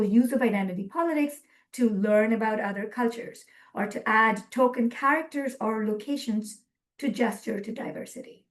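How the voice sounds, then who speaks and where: Woman doing an online editing webinar, kinda high voice, serious, lots of ums, computer mic. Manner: earnest, measured, frequent ums. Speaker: webinar presenter. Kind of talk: presenting a slide lecture.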